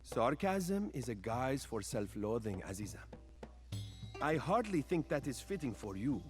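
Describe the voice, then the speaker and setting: A man voicing a smooth, flattering mirror figure who coaxes the listener gently, in a video game. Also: medium pitch, measured pace, over music. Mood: coaxing. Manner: soothing, flattering, gently probing.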